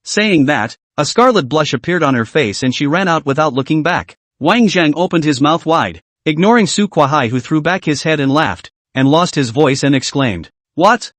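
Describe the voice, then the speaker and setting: A man narrating a comic story recap with lively storytelling. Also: a little high, moderate pace, hardly any pauses, no room sound.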